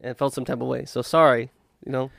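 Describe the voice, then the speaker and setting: Gravelly-voiced man telling a bar story. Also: mid-range voice, fast. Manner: animated storytelling, acts out quotes, swears freely. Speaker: podcast host. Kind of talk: casual podcast chat.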